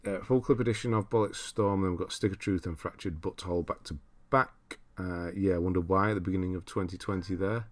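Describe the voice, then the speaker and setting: A man's voice: deep voice, fairly quick, few pauses. A man casually chatting on a livestream, thinking aloud and laughing as he reads through viewers' lists. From United Kingdom. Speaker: streamer.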